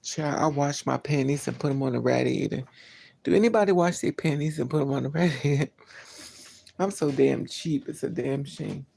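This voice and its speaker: Gravelly-voiced woman chatting on a live stream. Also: low-pitched, moderate pace, dark tone, slight background noise. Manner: chatty storytelling, quotes people in raised voices. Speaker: vlogger. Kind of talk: casual live-stream chat. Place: in a car.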